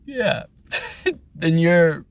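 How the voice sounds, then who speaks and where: A man's voice: on the high side, very animated, extremely slow. Rambling, profane man. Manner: rambling, profane, laughs often. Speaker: host. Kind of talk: casual vlog commentary.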